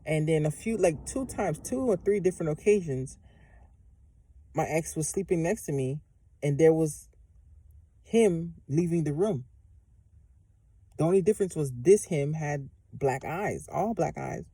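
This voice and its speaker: Mellow-voiced woman giving rambling spiritual instructions. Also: deep voice, lively intonation, a little slow, pauses often, slightly rough, no room sound. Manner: rambling, profane, many fillers and restarts. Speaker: spiritual vlogger. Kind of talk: casual instructional monologue.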